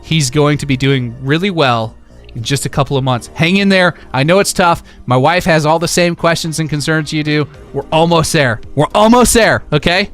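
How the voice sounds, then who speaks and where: A man hosting a livestream, chatting with his viewers in a lively, excitable way. His voice is bright and a little high, full of filler words and quick hype. Faint music sits underneath. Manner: animated, hyping, lots of filler words. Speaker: livestream host. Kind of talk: casual livestream chat, reading chat messages.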